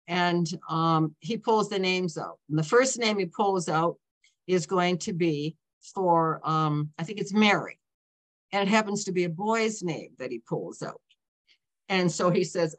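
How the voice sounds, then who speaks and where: At a normal speed and fairly low pitch, a woman in her seventies tells stories as an author in a relaxed talk. Her delivery rambles, peppered with self-interrupting "okay?" and "you know" check-ins.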